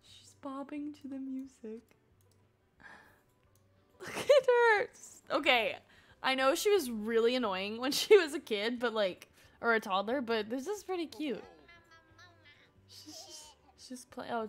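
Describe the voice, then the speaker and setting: A woman's voice: fairly high pitch, expressive, measured pace, soft background music. A young woman streaming a life-sim game, chatting and coaxing her characters along with frequent laughs. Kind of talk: casual gameplay commentary.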